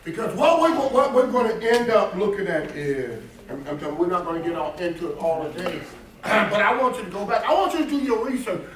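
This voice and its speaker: A pastor leads a Bible class, emphatic and quizzing the people in front of him. His voice sits fairly high for a man. He is recorded from across a very echoey room. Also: expressive, fairly quick, few pauses, slight background noise. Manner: emphatic, talks to the class with questions. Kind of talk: Bible study class teaching. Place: church classroom. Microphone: distant room mic. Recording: very echoey room, far from mic.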